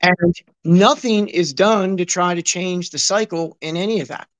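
A man's voice: high voice, normal speed. A man chatting casually as a podcast co-host, telling stories in a rambling, slangy way full of filler words. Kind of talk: casual conversational chat.

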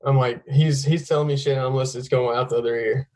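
A man's voice: medium pitch, steady tone, fast, a little mellow, a little hiss or hum, low-quality recording. Young man telling rambling, profane stories. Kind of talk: casual chat.

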